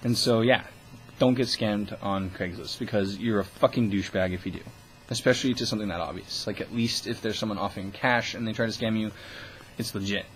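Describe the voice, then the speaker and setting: A man's voice: lowish voice, fairly even intonation, brisk, fairly bright tone, a little hiss or hum, poor audio. Young dude ranting on his vlog, swears nonstop, mocking tone, super casual. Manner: profane, scornful ranting. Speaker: vlogger.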